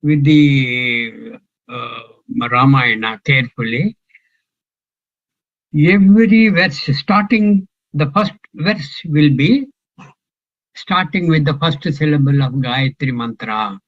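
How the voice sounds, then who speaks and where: A man's voice: a little high, slow, highs cut off. An older man teaching a scripture class, talking in a musing way and quizzing his students. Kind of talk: scripture class, question and answer.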